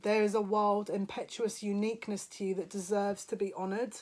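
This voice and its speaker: A woman delivers a spiritual psychic reading straight to her viewers. Her voice sits at a middle pitch, and she speaks emotionally, sounding close to tears at times. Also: level tone, brisk, a little mellow. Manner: emotional, laughing, tearful at moments. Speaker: psychic reader. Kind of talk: spiritual card reading to camera.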